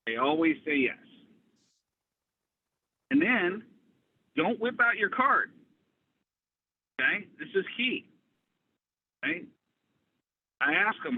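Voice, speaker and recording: A man coaching on a group call, talking in an animated, conversational way. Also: high-pitched, a little slow, long pauses, husky. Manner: animated, conversational, acts out dialogue. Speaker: business coach. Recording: tinny phone-like line, faint hiss.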